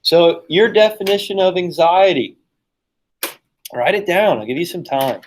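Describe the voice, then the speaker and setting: A man's voice: high-pitched, unhurried, a little hiss or hum, poor audio. Joking, chatty man teaching a class. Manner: joking, chatty, teasing students. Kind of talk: casual classroom lecture with stories.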